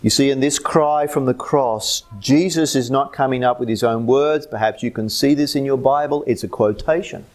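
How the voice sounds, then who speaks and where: A man with an Australian accent preaching a sermon as pastor, swinging between loud emphatic lines and low hushed ones. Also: normal speed, few pauses.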